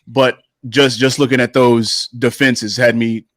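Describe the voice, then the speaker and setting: A man's voice: medium pitch, flat delivery, measured pace, a bit bright, no echo, clean studio sound. A man hosting a casual panel chat, reading out stats and stumbling over restarts. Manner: reads out stats, many restarts and fillers. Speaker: host running the tier list.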